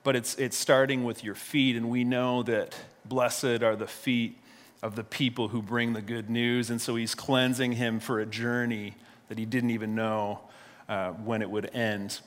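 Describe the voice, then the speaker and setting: A man's voice: mid-range voice, level tone, unhurried. Man preaching in a conversational way in a reverberant hall. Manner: conversational, repeats words at restarts. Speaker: pastor. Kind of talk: storytelling sermon.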